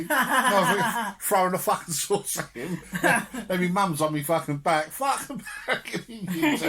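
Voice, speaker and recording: A man's voice: fairly high pitch, bright, forceful tone. Laughing, swearing storyteller man. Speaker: podcast co-host. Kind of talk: casual storytelling chat.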